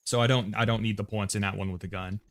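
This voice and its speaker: This American-accented streamer speaks fast in a steady, lowish voice. He's casually reading chat and muttering to himself as he builds a game loadout on his livestream.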